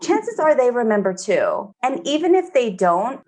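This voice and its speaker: A woman therapist talking in a relaxed podcast conversation, filling her speech with "you know" and slipping into quoted voices. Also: fairly high pitch, measured pace. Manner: chatty, many fillers, acts out quoted speech.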